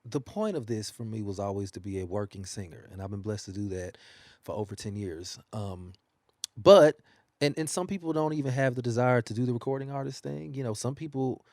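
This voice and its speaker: Animated male singer, dry close sound. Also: medium pitch, fairly quick, no room sound. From United States. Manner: animated storytelling, laughs often. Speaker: singer and guest. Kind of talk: casual interview. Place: newspaper studio.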